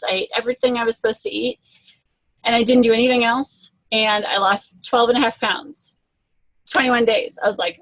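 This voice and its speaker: A woman's voice: mid-range voice, a bit bright, dry recording, poor audio. Earnest woman giving a motivational talk. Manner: earnest, conversational, storytelling. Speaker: guest speaker and fitness coach.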